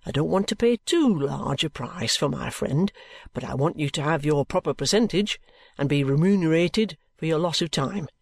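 A man voicing a genial, ingratiating middle-aged male detective who talks in a slow, coaxing, colloquial way. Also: fairly high pitch, animated, vocal fry, dry recording.

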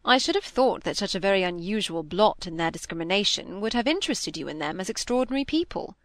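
A woman's voice: mid-range voice, lively intonation, quick pace, dry recording, natural voice. Tired young gent, kinda plaintive and polite, a woman reading him, dry sound. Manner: plaintive, tired, mildly gallant. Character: weary, gallant young gentleman.

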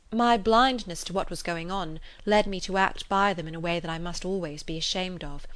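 A woman reading aloud, voicing a lively, proud young gentlewoman heroine, raising her voice for the part. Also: lowish voice, natural voice.

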